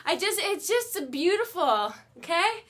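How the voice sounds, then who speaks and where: A woman's voice: very high-pitched, sing-song, measured pace, a crowd in the background. A woman hosting a live web show from a studio, chatting casually with viewers in a goofy, self-deprecating, joking way. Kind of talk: casual live-stream chat.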